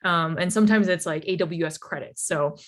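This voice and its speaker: A young woman telling her founder story in a lively, casual talk, full of fillers and laughs. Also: fairly low pitch, a little fast. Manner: animated, laughs often, many fillers like "you know" and "like". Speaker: startup founder speaker.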